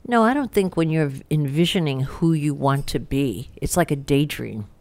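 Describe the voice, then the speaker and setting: A woman's voice: low voice, animated, normal speed, darkish tone. An older woman as an interview guest, talking in a blunt, salty, anecdotal way. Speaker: guest business founder. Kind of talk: casual interview talk.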